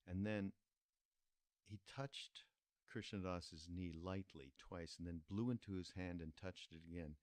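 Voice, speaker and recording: A deep-voiced older man recounts a memory at an unhurried pace, often pausing on fillers. The sound is dry and close. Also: a little mellow, dry recording. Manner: unhurried, halting with many fillers. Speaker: podcast host. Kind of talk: reflective storytelling.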